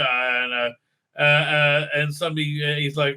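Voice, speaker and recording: Male reviewer, sarcastic and foul-mouthed, stumbling through fillers; sharp, somewhat high voice. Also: fairly even intonation, smooth. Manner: sarcastic, profane, halting with many fillers. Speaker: TV show reviewer. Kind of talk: ranting recap and review.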